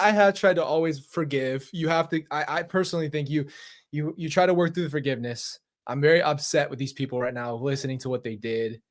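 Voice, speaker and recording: A man hosting a true-crime reaction commentary in a casual, mocking and exasperated way, laughing and swearing as he talks. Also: a little high.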